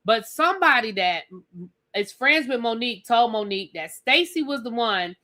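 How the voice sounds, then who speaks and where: Woman streamer, bright higher voice, sassy chatty host reviewing reality TV live. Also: expressive, normal speed. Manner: chatty, sassy, addresses viewers as girl and y'all.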